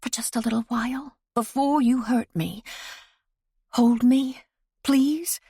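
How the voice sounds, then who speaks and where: A woman reading the part of a young woman in a period romance, speaking in a soft, breathy, urgent way. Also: fairly high pitch, fairly even intonation, takes it slowly, dry recording, clean studio sound, voice pushed up, exaggerated voice. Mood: pleading. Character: young woman, earnest, pleading and resolute.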